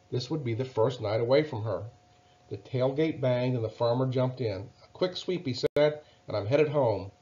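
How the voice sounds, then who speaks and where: A man reading a children's Bible story aloud in a gentle, measured way. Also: medium pitch, muffled recording.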